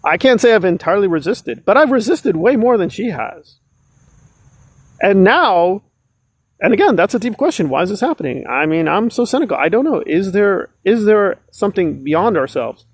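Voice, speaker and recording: A man's voice: high-pitched, big pitch swings, normal speed, slightly rough, no echo. A man ranting in a sarcastic, emphatic online commentary.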